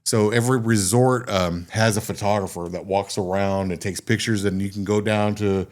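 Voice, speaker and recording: Texan guy, lowish voice, hosting a chill podcast, animated storyteller, cusses a lot. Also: normal speed. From Texas. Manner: animated storyteller, swears freely, acts out voices. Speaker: podcast host. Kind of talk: casual storytelling chat.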